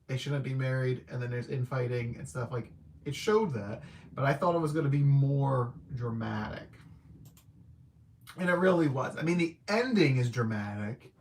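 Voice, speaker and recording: Rambling, laid-back male film reviewer. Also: medium pitch. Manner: rambling and hesitant, heavy use of "like" and "I don't know"; chuckles at his own remarks. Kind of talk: casual spoken movie review.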